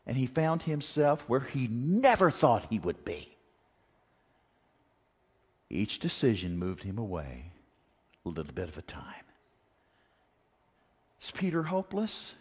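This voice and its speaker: A man preaching a sermon, animated, asking rhetorical questions and acting out the quotes he tells. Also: on the low side, takes it slowly, pauses often, slightly rough. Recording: long reverb of a large hall.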